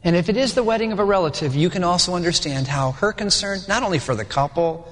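A male pastor preaching a sermon, dramatic and animated, acting out the voices of the people in the story. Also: high voice, fast, in a large hall.

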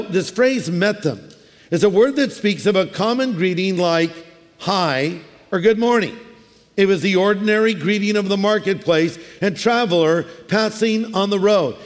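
A man preaching a sermon in a relaxed, conversational way, mixing scripture with humorous everyday asides. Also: high voice. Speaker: pastor. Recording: long hall reverb.

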